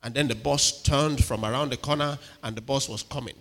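A man preaching a sermon with animated delivery, acting out quotes and checking in with the congregation. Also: mid-range voice, fairly quick. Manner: animated, dramatic, acts out quotes, asks the crowd "are you with me". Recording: reverberant hall.

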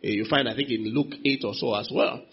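A preacher giving a sermon in a church, calling on the congregation for responses and swinging from quiet asides to loud exclamations. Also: male voice, mid-range voice, a little fast, husky. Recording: dull lo-fi sound.

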